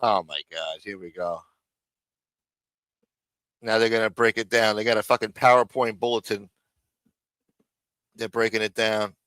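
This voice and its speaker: Forceful, mocking male stream host. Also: on the low side, steady tone, unhurried, pauses often, dry recording. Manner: profane, mocking and sarcastic. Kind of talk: live stream reaction commentary. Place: home studio.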